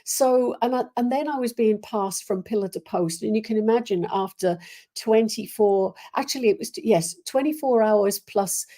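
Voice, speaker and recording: A woman's voice: on the high side, moderate pace, mellow. A woman from Wales with a Welsh accent hosts a live stream, chatting in a rambling way with many fillers and restarts as she greets her viewers. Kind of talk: casual live-stream chat.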